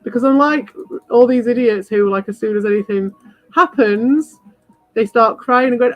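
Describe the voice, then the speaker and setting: A woman's voice: a little high, normal speed, no room sound. A woman hosting a livestream, talking bluntly and rambling to her viewers with a lot of swearing and confrontation. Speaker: livestream host. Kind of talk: rambling live chat to viewers. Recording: dull lo-fi with faint music.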